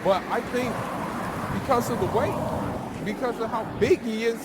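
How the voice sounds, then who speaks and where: A man's voice: very high voice, moderate pace, long pauses. A man giving casual, slangy, emphatic boxing commentary, recorded outdoors near traffic. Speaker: sports commentator. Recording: loud background noise.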